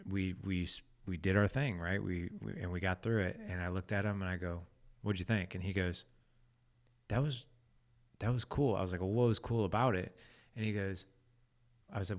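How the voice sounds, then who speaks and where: Male podcast guest, deep and gravelly, laid-back storyteller. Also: fairly even intonation, brisk. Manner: laid-back, laughs easily, acts out quotes. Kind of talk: casual storytelling.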